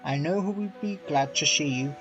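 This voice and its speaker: A man's voice: on the high side, moderate pace, lo-fi sound, music in the background, natural voice. A man voicing a stern, fair railway boss in a storybook reading, formal and firm.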